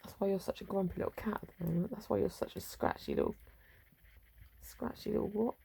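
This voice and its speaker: Gravelly woman muttering to herself. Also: mid-range voice, lively intonation, fast talker, dark tone. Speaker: vlogger. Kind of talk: rambling casual monologue.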